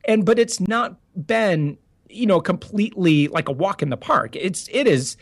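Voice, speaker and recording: Guy guesting on a podcast, kinda high voice, earnest, lots of restarts and "you know"s. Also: animated, moderate pace, gravelly. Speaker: podcast guest, business founder. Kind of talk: casual interview talk.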